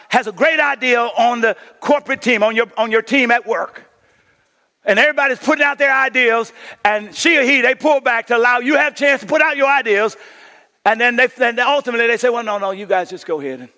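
High-voiced pastor preaching in a hall. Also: male voice. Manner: emphatic preaching, drops to near-whisper and rises to shouts. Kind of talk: sermon. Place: church sanctuary. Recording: long hall reverb.

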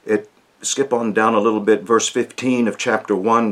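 A man teaching through a Bible passage, earnest and emphatic, slowing down to stress key phrases. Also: on the low side, level tone. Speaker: pastor.

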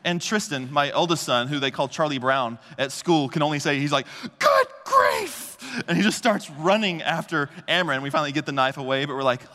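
A man preaching a conversational sermon, telling stories in an animated way and often checking in with the congregation. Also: a little high, brisk, hardly any pauses. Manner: animated storytelling with frequent "okay?" and "right?" check-ins. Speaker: pastor. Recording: long reverb of a large hall.

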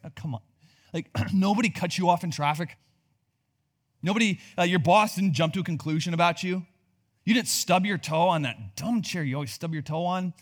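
Young male pastor, slightly high voice, conversational and humorous sermon delivery. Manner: conversational, joking, animated delivery with rhetorical questions.

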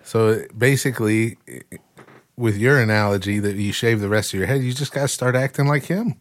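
A man chatting casually with friends, a relaxed storyteller who swears freely. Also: on the low side, normal speed. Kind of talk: casual chat.

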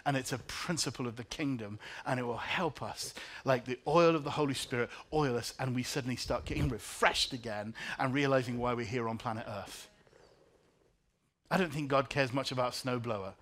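Man preaching a sermon, stories softly told. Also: mid-range voice, moderate pace. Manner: personal storytelling with emotional swings, soft then rising. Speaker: pastor.

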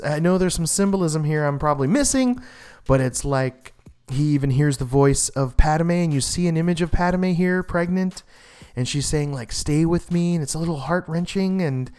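A man talks through a comic book in a casual, excited review. He rambles and restarts his sentences often. His voice is smooth and clear, pitched in the middle. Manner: enthusiastic, rambling with fillers and restarts.

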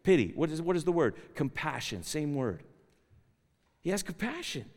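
A man's voice: on the high side, very animated, moderate pace, a little mellow. A man preaching a sermon in a university chapel, earnest and asking the listeners direct questions. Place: large chapel. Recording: long hall reverb in a chapel.

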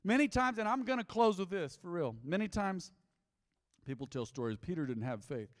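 A man preaching as a pastor, emphatic, repeating lines and swinging between loud and soft. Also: on the high side, expressive, normal speed. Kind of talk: sermon. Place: large church hall. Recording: long hall reverb.

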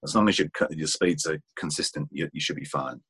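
A man with a very deep, husky voice speaks over a video call. He gives plain, relaxed, practical advice. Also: a little fast. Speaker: voice-over panel host. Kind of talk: webinar Q&A advice.

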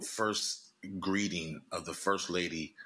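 A man co-hosting a comedy podcast, joking and animated in casual chat. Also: sits low, takes it slowly. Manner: animated, joking, swings between voices. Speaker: podcast co-host.

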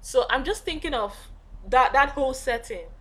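A woman with an Igbo accent, a guest teacher, explaining words in a relaxed language lesson with fillers and restarts. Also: high voice, moderate pace.

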